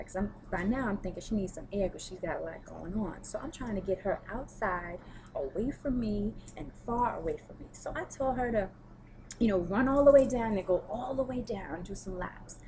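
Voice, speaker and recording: A woman's voice: medium pitch, darkish tone, slight background noise, low-quality recording. A woman who works as a personal trainer, chatting candidly in a casual vlog as she answers viewer questions. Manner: chatty, candid, storytelling with frequent fillers.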